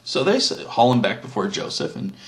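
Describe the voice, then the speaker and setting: A man's voice: on the low side, very animated, brisk, a bit bright. A man telling an old story as a casual, crude comedic retelling, full of swearing and asides. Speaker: comic storyteller.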